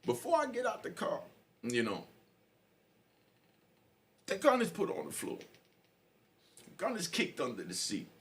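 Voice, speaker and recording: A middle-aged man, a podcast host telling a street story in an animated, slangy way. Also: high voice, a little slow, long pauses. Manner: animated, slangy, frequent "you know".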